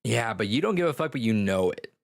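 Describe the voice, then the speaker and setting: A young man, a high school English teacher, telling casual, profane, rambling stories in podcast chat. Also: sing-song, brisk, creaky.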